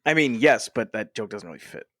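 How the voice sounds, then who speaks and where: A man's voice: lowish voice, expressive, brisk, fairly bright tone. A young man co-hosting a podcast, telling stories in a blunt, dry way with plenty of swearing. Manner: dry, blunt storyteller who swears freely. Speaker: podcast co-host. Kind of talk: casual chat.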